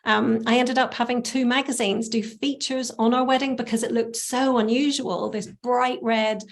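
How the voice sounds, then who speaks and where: A woman, a stylist, telling a personal story in conversation, animated and laughing often. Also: on the high side, moderate pace. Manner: animated, laughs often, acts out quoted voices. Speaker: stylist, interview guest.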